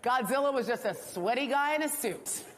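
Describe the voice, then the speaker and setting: Lady host doing a comedy bit onstage, kinda high voice, echoey hall with faint noise behind. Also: expressive, moderate pace, fairly bright tone, a faint crowd. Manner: joking, wry asides to the audience. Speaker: awards show host. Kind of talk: stand-up comedy monologue. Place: awards ceremony stage before a live audience.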